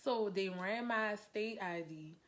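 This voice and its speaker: A woman from Louisiana, telling a personal story to her viewers in a casual storytime vlog, animated and chatty, calling them "y'all". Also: medium pitch, slow pace. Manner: animated, addresses viewers as "y'all", acts out her own lines.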